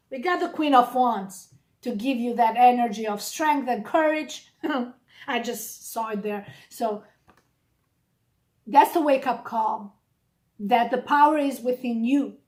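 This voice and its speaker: A woman's voice: on the high side, slow, pauses often, darkish tone. A woman giving a casual, blunt and encouraging tarot reading straight to the viewer. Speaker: tarot reader. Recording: echoey room.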